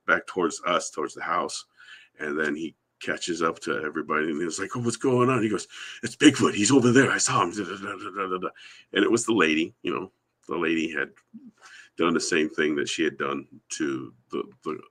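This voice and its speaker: Man, Yakama Reservation upbringing, very low voice, forceful tone, rambling storyteller, remote call. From Yakama Reservation, Washington, USA. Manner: rambling anecdotal storytelling, acts out quoted voices. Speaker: guest, Sasquatch researcher. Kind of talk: storytelling in a live podcast interview.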